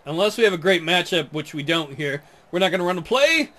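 A man's voice: sits high, animated, brisk, bright, forceful tone. A man giving casual, jokey commentary over a football video game, often laughing.

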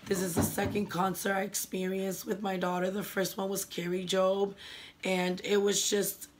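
Middle-aged woman, earnest personal vlogger, casual and heartfelt, filler-heavy, medium pitch. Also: little pitch movement, moderate pace.

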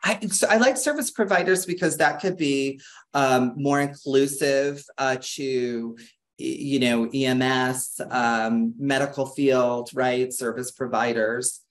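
An educator leading an interactive online workshop over a video call, talking in a lively, chatty way with restarts and fillers. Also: slow. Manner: acts out quoted people with big pitch jumps. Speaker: webinar presenter and educator.

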